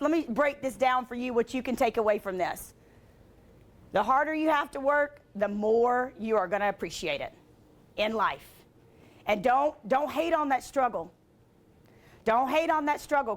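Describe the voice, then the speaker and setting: A woman giving a motivational talk, telling stories in a chatty way with lots of fillers and self-deprecating humor. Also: high voice. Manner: chatty, filler-heavy with frequent "like". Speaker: motivational speaker and sportscaster.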